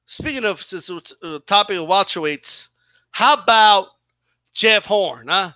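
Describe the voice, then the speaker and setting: A man with a high, sharp voice talks unhurriedly in a clean studio recording with no room sound. Hosting a boxing channel, he rants sarcastically and swears through a loose livestream chat, often closing his points with "right?"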